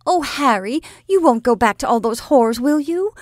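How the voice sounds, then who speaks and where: An anxious young woman pleads in a high, strained voice, as a woman puts her on. It comes from a storybook reading, recorded close and dry. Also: lively intonation, normal speed, no echo. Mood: pleading.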